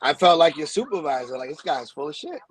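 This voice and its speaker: A man's voice: on the high side, lively intonation, quick pace, a crowd in the background. A man co-hosting a podcast in laid-back, casual chat, joking and laughing. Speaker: podcast co-host.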